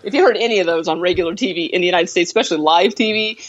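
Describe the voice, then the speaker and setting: A woman co-hosting a film podcast in relaxed, giggly chat, swearing freely. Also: on the low side, racing. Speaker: podcast co-host. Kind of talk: casual film-review chat. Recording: dull lo-fi recording.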